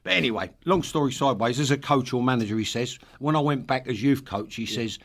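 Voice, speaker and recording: A man's voice: medium pitch, fast talker, few pauses, fairly bright tone. A middle-aged man from East London with a London accent, a podcast guest telling blunt, sweary stories with frequent laughter. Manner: blunt, sweary storyteller who laughs a lot. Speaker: podcast guest, former football manager. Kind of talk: casual chat.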